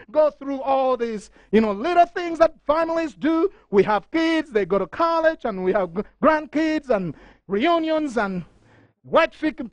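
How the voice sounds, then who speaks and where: A middle-aged man preaching a fervent sermon, reading scripture aloud and rising to near shouting. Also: very high-pitched, dry recording. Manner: reads scripture passages aloud.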